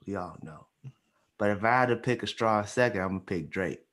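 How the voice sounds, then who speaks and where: A man's voice: on the low side, brisk, a bit bright. A man co-hosting a podcast in casual chat, rambling with laughing asides. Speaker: podcast co-host.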